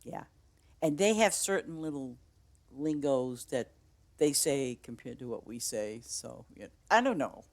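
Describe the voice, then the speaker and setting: Female game streamer, Boston accent, deep-pitched, chatty and rambling, laughs easily. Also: animated, measured pace, a little mellow. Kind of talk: casual chat with stream viewers.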